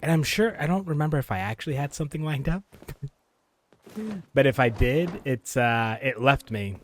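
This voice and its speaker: Chatty male streamer, lively pitch. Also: normal speed, slight background noise. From United States. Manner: chatty, rambling, laughs often. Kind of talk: casual gaming stream chat.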